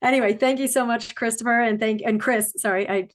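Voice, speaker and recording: A woman's voice: a little high, steady tone, brisk. Bubbly woman presenting a webinar. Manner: bubbly and friendly, casual fillers. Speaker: speech coach presenting a webinar.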